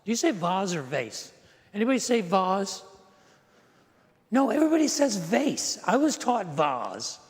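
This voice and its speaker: Middle-aged man, pastor, casual storytelling sermon with dry humor and questions to the congregation; high-set voice, reverberant hall. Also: huge pitch swings, a little slow, pauses often. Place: church sanctuary.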